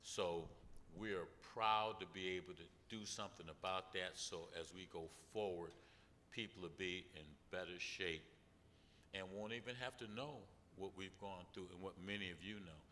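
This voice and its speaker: Older man, lower voice, very bright edge, earnest, reverberant hall with faint noise. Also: fairly even intonation, normal speed. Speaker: speaker at event. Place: large event hall.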